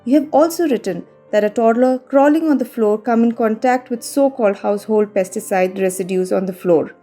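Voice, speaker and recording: Woman voice-over narrator, calm measured storytelling, warm mellow tone, soft background music. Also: on the high side. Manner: measured, calm, careful delivery. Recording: faint music behind the voice.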